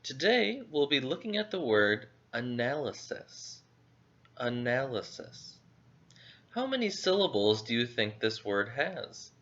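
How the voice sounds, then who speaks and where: Male English teacher, lively scripted vocabulary lesson, careful enunciation, lo-fi audio. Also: medium pitch. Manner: clear, slow, deliberate enunciation. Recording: dull lo-fi audio.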